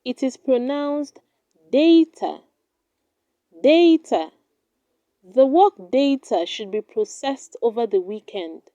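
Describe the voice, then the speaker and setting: A woman teaching English pronunciation in a scripted lesson, deliberately saying each word twice and then using it in an example sentence. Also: a little high, expressive, mellow, no room sound, highs cut off.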